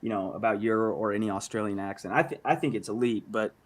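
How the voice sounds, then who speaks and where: A man's voice: fairly low pitch, fast talker. A male guest chatting casually on a stream, in a laid-back, rambling way. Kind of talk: casual commentary chat.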